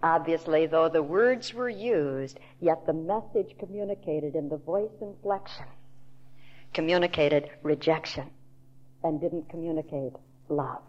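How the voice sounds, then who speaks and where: A woman Bible teacher giving a sermon in a deliberate, emphatic storytelling manner. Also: sits low. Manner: slow, deliberate, emphatic storytelling with quoted voices. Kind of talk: recorded sermon to a women's audience. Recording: dull lo-fi tape recording.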